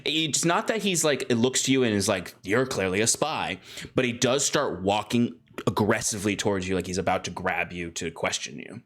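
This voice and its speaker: A man's voice: lowish voice, expressive, fairly quick, fairly bright tone. A man narrating a tabletop game as game master, with plenty of ums and restarts. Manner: hesitant, filler-heavy narration.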